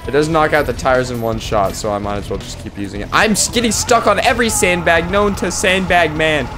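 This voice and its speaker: A man giving excitable live gameplay commentary, yelping and laughing at the action as game music plays. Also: fairly high pitch, fairly quick.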